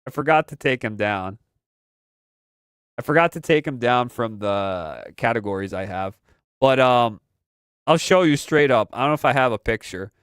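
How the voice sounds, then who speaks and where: A young man talks loosely through his live stream, looping back on his own phrases and throwing in slang. His voice is smooth and clean, set close to a dry mic with no room sound around it. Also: mid-range voice, lively intonation, moderate pace, no room sound. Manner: rambling, repeats phrases, slangy. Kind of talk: casual pop-culture commentary.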